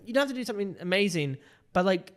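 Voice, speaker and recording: A man's voice: high-pitched, lively intonation, racing. A young man co-hosting a casual TV review chat, rambling with many fillers and sounding frustrated. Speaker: podcast co-host reviewing a TV episode.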